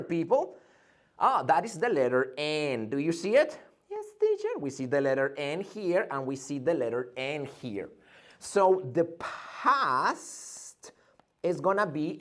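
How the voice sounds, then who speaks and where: A man teaching an English pronunciation lesson, drilling sounds by repeating them and asking and answering his own questions. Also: a little high.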